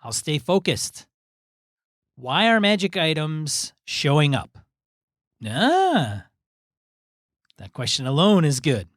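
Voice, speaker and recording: A man's voice: on the high side, animated, a bit bright, no echo, studio quality. A man co-hosting a gaming podcast in casual chat, reading a listener email aloud with easygoing asides. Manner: easygoing, reads in measured chunks with asides. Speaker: podcast co-host.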